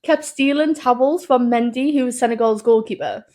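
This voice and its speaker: Female co-host, slightly high, chatty and giggly, casual podcast delivery. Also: normal speed, a little mellow. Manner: giggly, rambling, often laughing mid-sentence. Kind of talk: casual chat, reading a loose script.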